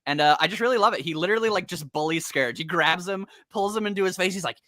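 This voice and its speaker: A young man hosting a casual comics podcast, talking fast and animatedly with lots of swearing and laughter. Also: high-pitched, bright, forceful tone, no echo, studio quality. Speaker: podcast host.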